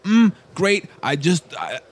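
A man's voice: high voice, sing-song, takes it slowly, exaggerated voice. Man putting on a tiny jittery tail agent. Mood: chummy. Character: tiny nervous male corporate tail agent.

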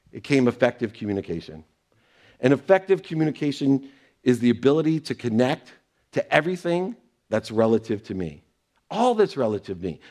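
A man's voice: mid-range voice, darkish tone. A middle-aged man giving an earnest motivational talk, telling a personal story and acting out the exchanges in it. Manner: earnest, acts out quoted exchanges. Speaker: speaker sharing personal lessons.

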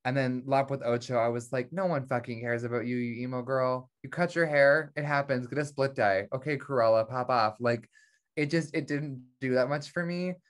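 A man co-hosting a casual review podcast, talking bluntly and swearing freely. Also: mid-range voice. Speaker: podcast co-host.

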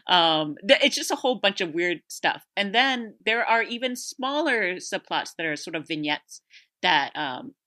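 A woman's voice: on the low side, normal speed. A woman chatting casually about a film she loves, rambling with lots of fillers and frequent laughter. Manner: rambling, animated, laughs often, many fillers. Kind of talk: casual chat, movie recommendation.

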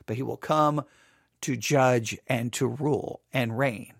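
A man hosting a Bible podcast, chatting casually and restarting his sentences, then reading scripture slowly and solemnly. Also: mid-range voice, vocal fry, dry recording, clean studio sound. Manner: chatty and self-interrupting, reads scripture in a slow solemn cadence. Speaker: podcast host and Bible teacher. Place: small home studio.

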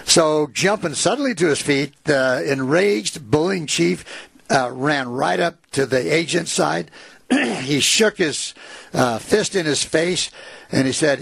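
A man's voice: a little high, measured pace, creaky, fairly bright tone, slightly rough, no room sound. A man retelling a written history aloud to a listener, reading passages and adding casual asides with fillers. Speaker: storyteller.

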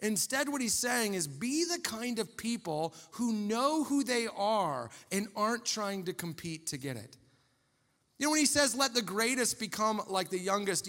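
A man preaching a sermon as a pastor, in a conversational, animated storytelling way. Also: sits high, long reverb tail.

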